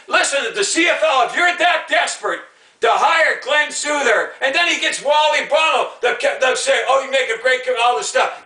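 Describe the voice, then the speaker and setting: A middle-aged man giving a heated, shouting sports rant as a vlogger, blunt and repetitive. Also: very high voice. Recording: echoey room, distant mic.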